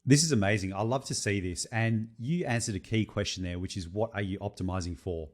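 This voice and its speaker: A man's voice: on the low side, a little fast. A young adult man, co-hosting a casual podcast chat and laughing often as he tells stories. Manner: animated, laughs often while telling jokes. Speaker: podcast co-host.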